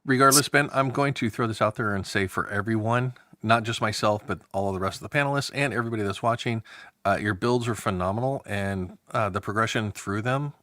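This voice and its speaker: A man on a podcast panel, with a lowish, bright and forceful voice. He speaks earnestly, pausing often with fillers as he gathers his words. The sound is dry and close to the mic. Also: no echo. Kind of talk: casual podcast chat.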